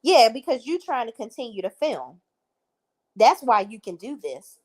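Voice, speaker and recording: A woman's voice: fairly high pitch, sing-song, normal speed, darkish tone. A woman giving blunt, opinionated reality TV recap commentary as a vlogger.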